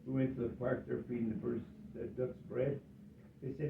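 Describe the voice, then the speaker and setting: A man retelling a family story in a relaxed way. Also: medium pitch, a little fast, gravelly, slight background noise. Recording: tinny, echoey, far from mic.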